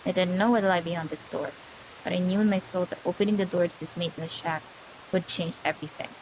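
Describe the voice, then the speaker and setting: A woman's voice: lowish voice, fairly even intonation, quick pace, slight background noise. Woman streamer reading a game aloud, jittery. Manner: reads narration aloud, breaks off into jittery chatter to chat; nervous, easily spooked. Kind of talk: reading a visual novel aloud on a livestream.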